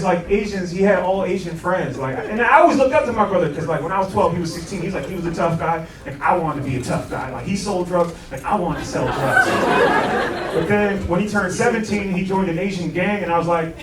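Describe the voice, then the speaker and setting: A man's voice: high voice, fairly quick, distant mic. A young man doing a stand-up set in a comedy club, talking loose and brash with a lot of slang and swearing. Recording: roomy club sound, laughing crowd. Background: audience laughter.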